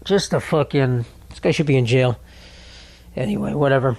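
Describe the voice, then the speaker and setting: A man's voice: mid-range voice, moderate pace, creaky, a little mellow. A young man hosting a solo podcast, ranting and rambling with sarcastic, profane jokes and frequent laughs. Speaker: podcast host. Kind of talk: casual solo podcast rant.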